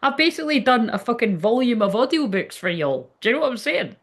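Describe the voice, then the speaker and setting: A woman's voice: a little high, very animated, quick pace. Sweary, blunt Scottish woman. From Scotland. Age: adult, ten years online. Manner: blunt, sweary and chatty, with lots of fillers. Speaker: spiritual reader on a livestream. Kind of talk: casual live tarot reading.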